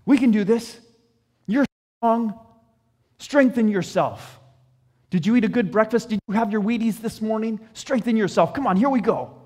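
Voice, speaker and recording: A man's voice: sits high, a little mellow, big-room sound. A man acting out nervous idol-makers hurriedly encouraging one another. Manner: jittery, fast pep-talk. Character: nervous idol-makers egging each other on.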